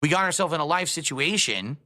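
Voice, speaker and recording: Defensive man ranting in a bright voice. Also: on the high side, animated, fairly quick. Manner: defensive, repetitive, irritated. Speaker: streamer in a played clip.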